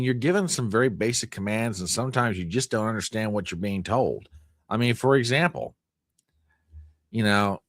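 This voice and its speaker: A man with a fairly low voice hosts a live news stream, joking with his chat in over-the-top mock outrage. The recording is dry and clean, with a studio sound.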